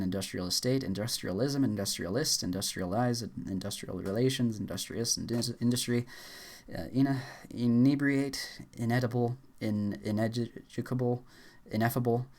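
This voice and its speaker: A young man reading dictionary entries aloud at speed, rattling words off in flat bursts and stumbling over some. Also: mid-range voice, normal speed. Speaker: YouTuber.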